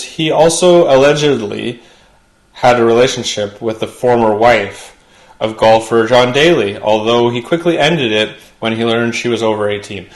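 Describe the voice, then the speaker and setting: A man hosting a late-night show, delivering a comedy monologue with punchy jokes and chatty asides. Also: mid-range voice. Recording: roomy studio sound.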